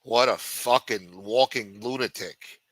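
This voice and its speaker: A man's voice: mid-range voice, a little slow, a bit bright, no echo. A man ranting angrily and profanely as a podcast host. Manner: angry, profane, combative. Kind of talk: profane political rant.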